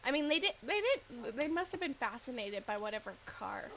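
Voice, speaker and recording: A woman streamer in casual chat, chatty and quick to laugh, reading out viewer stories. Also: a little high, very animated, fairly bright tone, slight background noise.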